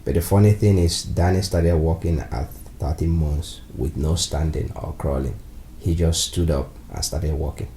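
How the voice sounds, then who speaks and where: Man, podcast guest, calm and measured, very low mellow voice, faint noise behind. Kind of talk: interview answers.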